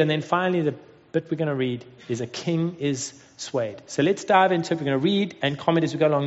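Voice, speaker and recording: A man in his thirties preaching a sermon, telling a family story with animated acted-out voices. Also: on the high side. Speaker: pastor. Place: Cape Town. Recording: dull sound with long hall reverb.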